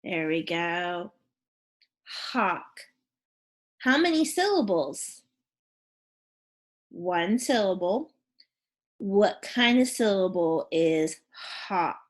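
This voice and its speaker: Woman teacher, very slow and deliberate, animated intonation, encouraging phonics lesson for young kids. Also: lowish voice. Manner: slow, deliberate, encouraging classroom delivery with questions to pupils.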